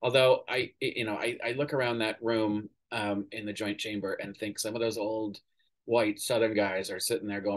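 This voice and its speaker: A man giving casual, opinionated political commentary as a podcast host, pausing often with fillers and swearing now and then. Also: fairly low pitch, flat delivery. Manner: opinionated, hesitant with many ums, swears casually.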